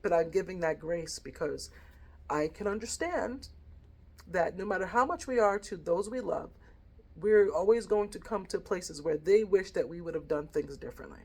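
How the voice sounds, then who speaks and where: A woman's voice: fairly low pitch, darkish tone. A middle-aged woman vlogging with earnest, reflective feeling as she tells a personal story. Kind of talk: heartfelt personal vlog.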